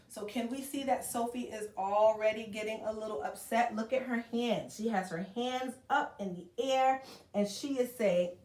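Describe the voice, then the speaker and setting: A woman's voice: on the high side, normal speed, a little mellow. A woman reading a storybook to young children and leading them through movement exercises, counting aloud and coaxing them along. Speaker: preschool teacher reading aloud. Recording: roomy echo from a distant camera.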